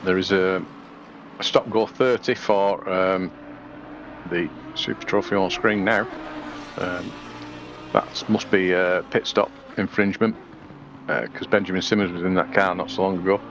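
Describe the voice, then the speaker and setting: A man gives rambling live commentary on a sim race, filling gaps with ums and uhs. His voice sits fairly low. The stream audio is dull and lo-fi, with a clear hiss of noise behind it. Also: steady tone, unhurried, long pauses. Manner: chatty, rambling with many fillers.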